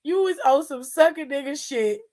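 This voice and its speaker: A woman's voice: high-pitched, expressive, normal speed, a little mellow. A woman hosting a casual aftershow, exasperated and swearing, breaking into laughter as she talks. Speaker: show host. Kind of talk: casual reaction commentary.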